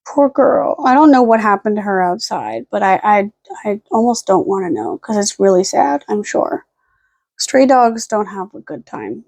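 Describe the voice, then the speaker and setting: A young woman chats at home in a loose, rambling vlog voice that sits a little high. She now and then switches to sweet baby talk for her dog. The sound is close and dry, with no room echo. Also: lively intonation, moderate pace, a little mellow. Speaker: vlogger. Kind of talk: casual chat.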